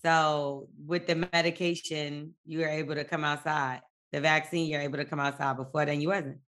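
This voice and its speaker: A woman's voice: deep voice, flat delivery, normal speed, fairly bright tone, a little hiss or hum. A young adult woman co-hosting a podcast in casual chat, blunt and joking. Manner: blunt, joking, talks frankly about sex. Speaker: podcast co-host.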